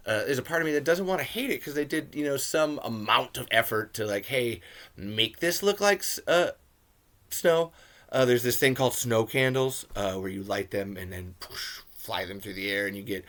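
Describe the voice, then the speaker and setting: A man's voice: fairly low pitch, a bit bright. Ranting, profane young male podcast host. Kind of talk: casual movie commentary podcast.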